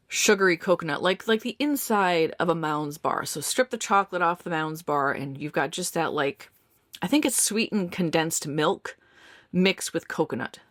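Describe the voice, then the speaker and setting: Chatty woman with a low voice. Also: dry recording, clean studio sound. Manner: chatty, says y'all, repeats and restarts words. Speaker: candle reviewer. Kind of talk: casual product review.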